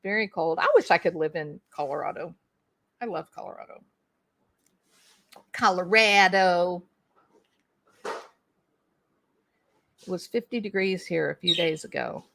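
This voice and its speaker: Chatting casually on a home livestream, this middle-aged host reads comments and calls viewers by name with folksy warmth. She speaks at a normal pace in a low, slightly bright voice with vocal fry and long pauses.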